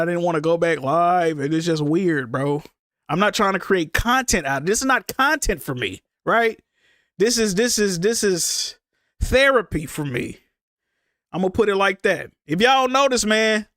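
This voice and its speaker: A man's voice: high-pitched, fairly bright tone, dry recording, studio quality. A grieving man livestreaming, venting emotionally to his chat in rambling, profane casual talk.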